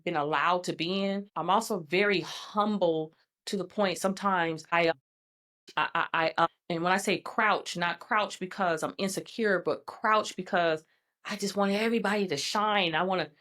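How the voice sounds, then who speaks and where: A middle-aged woman, a guest in a casual interview, telling her story in a lively way and acting out what people said. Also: fairly low pitch, moderate pace. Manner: animated storyteller, acts out quoted dialogue.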